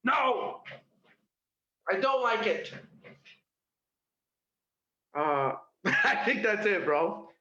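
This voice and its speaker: This comedian's high, pushed, bright voice is expressive but very slow, with frequent pauses, as he performs stand-up from his home kitchen. He punches jokes home with "okay?" and "all right?" in a roomy, dull lo-fi recording.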